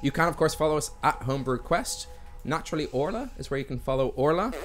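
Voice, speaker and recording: A man's voice: fairly high pitch, lively intonation, quick pace, soft background music. A man serving as game master and host, chatty and laughing often while he narrates and signs off the stream.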